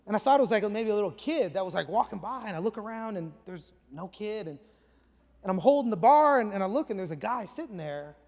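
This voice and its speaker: A man in his forties, a pastor preaching a sermon with chatty, animated storytelling and casual slang. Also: high-pitched, fast. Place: church auditorium. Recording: echoey large church hall.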